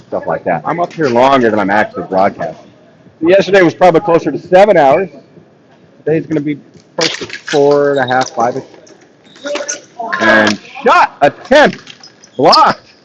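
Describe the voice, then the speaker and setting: A man with a medium-pitched voice calls live play-by-play for a ball hockey game from his perch beside the rink, against a noisy background. He's chatty and self-mocking and laughs often.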